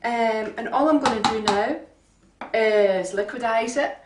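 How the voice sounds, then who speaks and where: A woman giving a relaxed, homely cooking demonstration in her kitchen, chatting along with frequent ums. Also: on the high side, a little slow, background noise. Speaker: home cook. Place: home kitchen. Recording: roomy kitchen sound from a distant mic.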